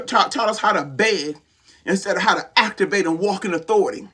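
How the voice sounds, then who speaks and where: A woman's voice: mid-range voice, fairly quick, fairly bright tone. A woman hosting a live-streamed empowerment show, preaching with call-and-response declarations and constantly urging "listen" and "come on". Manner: exhorting, repeats "listen" and "come on". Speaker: host and preacher.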